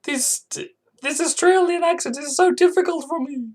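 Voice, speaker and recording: A man voicing a flustered young woman, in a high falsetto, speaking slowly and plaintively.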